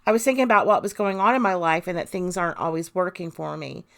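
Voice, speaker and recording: A woman's voice: on the low side, animated, fast, creaky. A woman hosting a podcast, reading an interrogation transcript aloud and breaking off for casual spoken asides. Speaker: podcast host. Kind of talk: true crime podcast narration.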